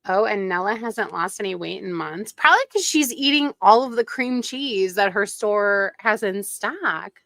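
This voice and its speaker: A woman's voice: medium pitch, lively intonation, normal speed, gravelly, fairly bright tone, no echo. A woman streamer giving snarky, gossipy commentary while reacting to videos.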